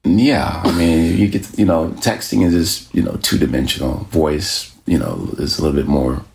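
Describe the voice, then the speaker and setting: A man with a very deep voice, relaxed and laid-back in casual chat as a guest. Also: moderate pace, creaky.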